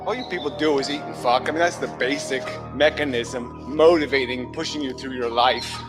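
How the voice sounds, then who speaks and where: A man's voice: mid-range voice, fairly quick, music in the background, poor audio. A man delivering a furious, heavily profane monologue, berating his listeners. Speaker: commentator. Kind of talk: angry monologue rant.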